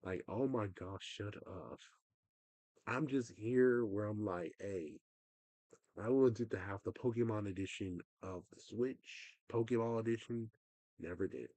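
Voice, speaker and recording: A fairly low-voiced young man with a husky edge, rambling through a casual livestream rant. The sound is dry and close, with no room around it. His sentences wander and trail off in frustration. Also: a little slow, warm tone, no room sound.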